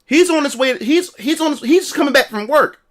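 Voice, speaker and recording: A man's voice: very high voice, lively intonation, a little fast, a bit bright. A man telling a story in a casual livestream rant, profane and repetitive. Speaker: streamer.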